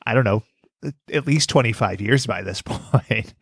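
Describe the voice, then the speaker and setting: A man's voice: on the low side, unhurried, slightly rough, dry recording, clean studio sound. A man co-hosting a podcast, chatting casually with wry jokes and puns. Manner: wry, jokey, fond of puns. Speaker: podcast co-host. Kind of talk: casual chat.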